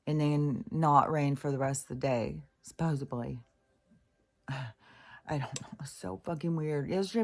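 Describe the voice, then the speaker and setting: A woman's voice: sits low, a little mellow. A woman talking to camera at home late at night, rambling and restless, swearing freely, laughing at herself and sometimes dropping to a whisper. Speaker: vlogger. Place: home living room by the couch.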